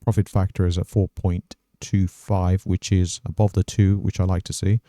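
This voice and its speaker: A man hosting a trading channel, walking through his day's trades on screen in a measured, methodical way and thinking aloud. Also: low voice, level tone, mellow, no room sound, studio quality. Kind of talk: casual trading recap over screen recording.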